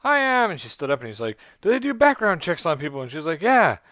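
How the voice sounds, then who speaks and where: A man's voice: a little high, very animated, fast talker, fairly bright tone, dry recording, lo-fi sound. A man from the United States hosting a reaction video, chatting casually and amused, with rambling fillers. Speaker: reaction channel host.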